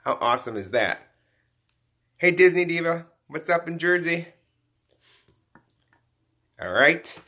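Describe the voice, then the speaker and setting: A slightly high-voiced man chats casually on a live stream while opening collectible toys, taking it slowly with long pauses. He's still excitable and chatty, welcoming viewers by name.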